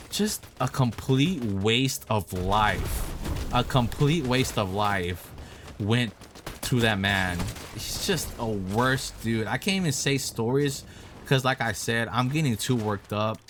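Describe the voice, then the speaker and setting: A man's voice: on the low side, fairly bright tone, slight background noise. A young man telling a personal story about a coworker in an angry, heated rant, cursing a lot and repeating himself. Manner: angry ranting with heavy cursing. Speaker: vlogger.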